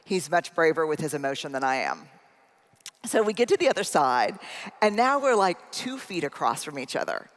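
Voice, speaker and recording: A woman's voice: low voice, very animated, moderate pace. A middle-aged woman giving a humorous, self-deprecating keynote talk, telling a personal story and speaking directly to the audience in a large conference hall. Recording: long hall reverb.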